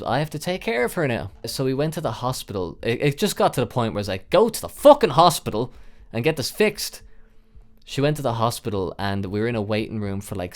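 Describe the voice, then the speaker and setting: A young man hosting a podcast, telling a long personal story in a rambling way, with frequent fillers and swearing. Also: fairly low pitch. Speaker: podcast host. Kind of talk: storytelling monologue.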